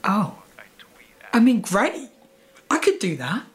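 A sing-song, mid-range female voice moves at a slow pace beneath loud music. The actress plays a gabby, awkward young Englishwoman with an Estuary accent who wanders off topic and mocks herself, acting scenes and narrating in voice-over as the comedy's lead.

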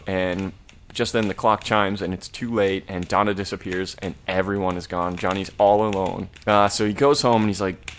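A man speaks at normal speed in a fairly low pitch with fairly even intonation, over slight background noise. He co-hosts a horror review podcast and is recapping an episode in a laid-back, rambling way, cursing occasionally.

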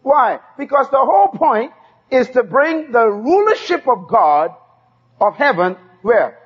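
A man's voice: extremely high pitch, very animated, unhurried, slightly rough. A man preaching a sermon, emphatic and repeating key phrases for the congregation to say back. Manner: emphatic call-and-response preaching. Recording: dull lo-fi sermon tape.

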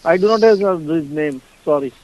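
A man working as a motel desk clerk, speaking politely and haltingly on the phone. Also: a little high, highs cut off, background noise. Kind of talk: phone conversation.

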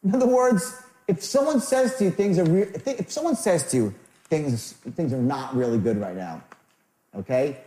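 A man's voice: a little high, animated, moderate pace, mellow. A man running a live sales training seminar, acting out customer and salesman lines with shifting tone. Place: seminar room. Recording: echoey room.

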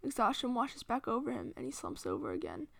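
A woman reading fan fiction aloud in a steady, hushed storytelling voice. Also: fairly high pitch, a little fast, gravelly, no room sound. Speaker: reader.

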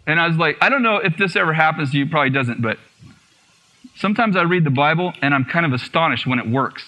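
A man giving a personal testimony in a sermon, telling his story in an animated way, acting out what was said and laughing often. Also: on the high side, fast, a little hiss or hum. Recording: muffled radio broadcast.

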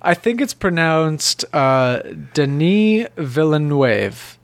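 A man's voice: on the high side, expressive, takes it slowly, no room sound. A man co-hosting a film chat, explaining plots in a playful, chatty way. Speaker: podcast co-host. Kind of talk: casual chat.

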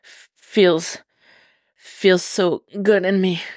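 A woman's voice: lowish voice, fairly even intonation, very slow, a little mellow, dry recording, studio quality. A woman reading aloud voices a breathless, overwhelmed young man who speaks in gasping, broken phrases.

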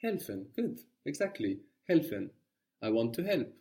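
A man's voice: mid-range voice, sing-song, unhurried, warm tone. A man teaching a language lesson, explaining patiently and encouraging his student.

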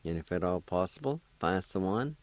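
Man, radio language teacher, deep and unhurried, careful spelling and repetition, dry close sound. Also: lively intonation, no echo. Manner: slow, deliberate, spells and repeats syllables.

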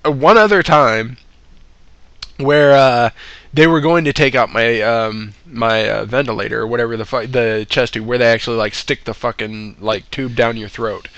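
A man's voice: medium pitch, fairly even intonation, normal speed, fairly bright tone, dry recording, highs cut off. A man casually telling a story, swearing a lot and laughing between lines.

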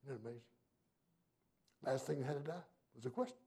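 A male pastor preaching a sermon with emphasis, his delivery swinging from hushed to loud. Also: medium pitch, fast, slightly rough.

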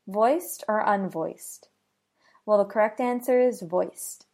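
A woman with an American accent teaching pronunciation, speaking very deliberately and repeating each example word three times. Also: mid-range voice, darkish tone. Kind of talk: slow, careful pronunciation lesson.

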